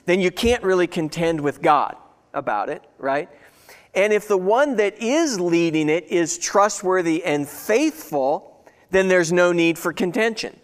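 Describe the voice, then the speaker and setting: A man with a slightly higher voice preaches in an easy, conversational way, leaning on rhetorical questions as he teaches. His voice rings out in a hall with a long, trailing reverb. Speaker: pastor. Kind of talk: sermon.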